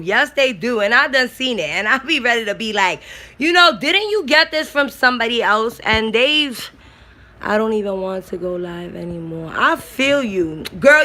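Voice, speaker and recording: A woman's voice: mid-range voice, sharp tone. Congested blunt woman on a livestream. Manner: blunt, swears freely, slangy. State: congested from a cold. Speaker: YouTuber on a livestream. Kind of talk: casual livestream chat, reading comments.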